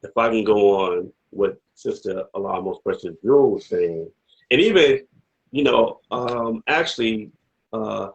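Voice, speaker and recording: Deep-ish guy, rambly interviewer voice, lots of "you know what i mean". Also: a little slow, vocal fry, muffled recording. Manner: rambling, many "you know what I mean" asides, rising to emphatic questions. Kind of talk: casual discussion, asking questions.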